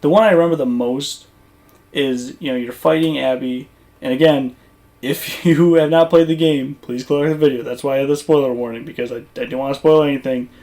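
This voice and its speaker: A gaming YouTuber talking casually over gameplay footage, rambling and conversational with lots of fillers and restarts. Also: male voice, medium pitch, fairly even intonation, fairly quick, a little mellow.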